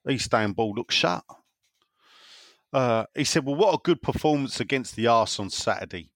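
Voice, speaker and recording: In a dry, clean studio recording, a man with an expressive, fairly bright mid-range voice talks at a moderate pace. He's hosting a podcast, keeping the chat casual and reading listener messages aloud.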